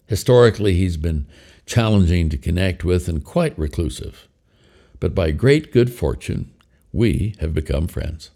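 A man's voice: deep voice, expressive, a little slow, vocal fry, warm tone, slightly rough, heavily acted. A man voicing a genial male ventriloquist in a told story, coaxing and friendly. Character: cheerful middle-aged male ventriloquist, gentle showman.

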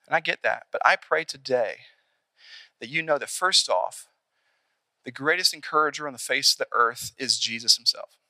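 A young adult man preaching a sermon in an animated, conversational way, acting out little scenes along the way. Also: medium pitch, moderate pace, no echo. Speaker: pastor.

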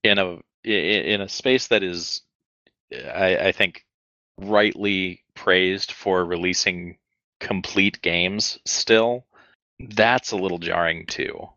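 A man's voice: low voice, takes it slowly, bright, forceful tone, no room sound, muffled recording. A man co-hosting a podcast, chatting casually and making wry jokes, thinking aloud with some hesitation. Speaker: podcast co-host. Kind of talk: casual chat.

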